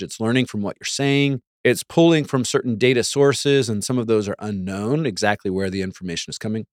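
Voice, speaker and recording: A man's voice: medium pitch, no echo, studio quality. A man hosting a talk show in a casual monologue, with wry, sarcastic asides and mock voices for quotes. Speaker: podcast host.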